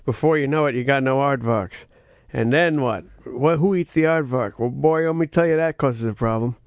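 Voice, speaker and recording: A man's voice: medium pitch, normal speed, no room sound, studio quality. A man co-hosting a movie review podcast, joking and rambling in casual chat. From United States. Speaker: podcast co-host.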